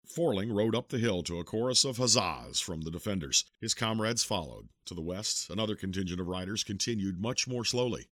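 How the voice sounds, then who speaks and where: Recorded close-miked with no room sound, a man narrates an audiobook in a fairly low voice. His storytelling is steady and measured.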